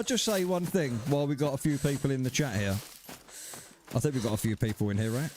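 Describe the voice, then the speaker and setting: A man's voice: medium pitch, lively intonation, fairly quick, slight background noise. A man live-streaming a survival game, chatting casually with viewers, thanking them by name and swearing freely. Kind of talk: casual live-stream chat while playing.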